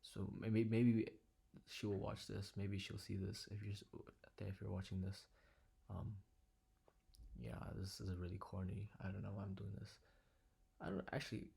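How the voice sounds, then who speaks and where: A young man talking quietly and earnestly in a personal vlog from his living room, sometimes dropping to a whisper. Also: lowish voice, little pitch movement, moderate pace, gravelly, breathy edge. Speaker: vlogger.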